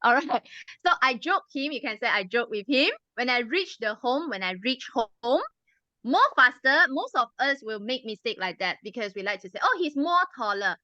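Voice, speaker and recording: A woman, the club president, explaining grammar and pronunciation to a meeting in a patient, teacherly way and drilling sounds slowly. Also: fairly high pitch, animated, pushed and bright, no echo, muffled recording. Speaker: club president giving a language evaluation.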